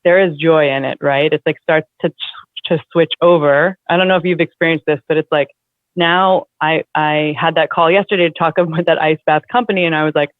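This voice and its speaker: A woman guest in a casual conversation, talking in an animated, chatty way with lots of fillers. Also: low voice, brisk, dry recording. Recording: dry, tinny phone-like line.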